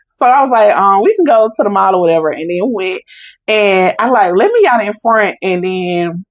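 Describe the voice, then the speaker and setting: A young adult woman guests on a podcast, animatedly retelling a family story in casual style and voicing its characters with quoted dialogue in Southern Black vernacular. Her mid-range voice moves at a moderate pace, with no room sound and a rough recording.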